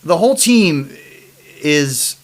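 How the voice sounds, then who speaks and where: A man's voice: a little high, very animated. Rambling podcast host, a man. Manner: rambling, quick restarts and trailing off. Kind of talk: casual chat.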